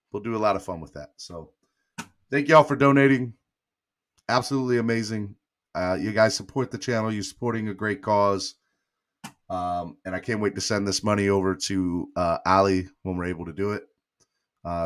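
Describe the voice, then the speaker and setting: A man hosting a live sports podcast stream, chatting casually, shouting out donors and hyping up his chat, with a Southern US accent from Miami. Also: lowish voice. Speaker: podcast host.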